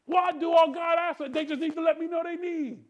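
A male pastor preaching a sermon in church, calling out to the congregation and swinging between hushed tender asides and shouted refrains. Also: very high-pitched, steady tone, normal speed, highs cut off. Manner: preaching with call-and-response, rising to shouts; drops to soft tender voice for quoted lines.

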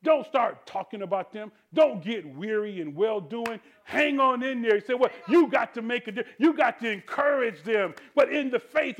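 A male pastor preaching a sermon in church, calling out to the congregation and swinging between hushed tender asides and shouted refrains. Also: extremely high pitch, moderate pace, few pauses. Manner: preaching with call-and-response, rising to shouts; drops to soft tender voice for quoted lines.

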